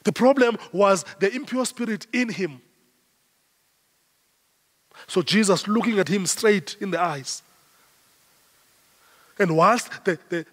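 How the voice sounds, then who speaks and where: A man's voice: sits high, fairly bright tone. A South African man preaching a sermon as pastor, emphatic and repeating his phrases in rising waves. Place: church. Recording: long church hall reverb.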